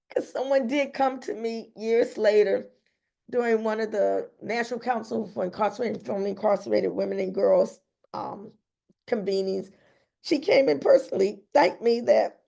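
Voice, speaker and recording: A woman's voice: mid-range voice, normal speed, vocal fry, mellow. A woman reading aloud from her own memoir in an earnest, emotional way, breaking off now and then to add personal comments. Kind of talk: reading aloud with spontaneous asides.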